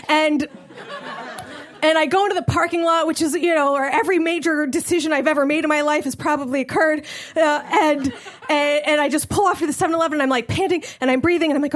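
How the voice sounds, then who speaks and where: Young woman doing standup, real high voice, animated, laughing as she tells it. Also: fairly quick. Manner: animated, laughing through the story. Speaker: stand-up comedian. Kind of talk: stand-up storytelling.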